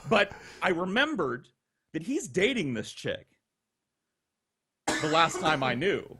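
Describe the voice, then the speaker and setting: Animated, foul-mouthed man telling a story. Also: fairly high pitch, slow, noisy background. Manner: profane, animated, acts out voices. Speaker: storyteller guest. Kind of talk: casual storytelling.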